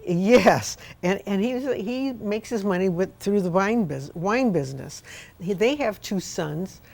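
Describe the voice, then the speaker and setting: A woman's voice: mid-range voice, lively intonation, a little slow, vocal fry, a little mellow. A middle-aged woman hosting a casual book discussion, chatty and asking her guest questions. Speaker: host.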